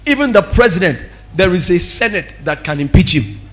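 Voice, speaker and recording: A man preaching a sermon as pastor, animated and acting out what people say. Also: sits high, normal speed. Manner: animated, acts out quoted speech.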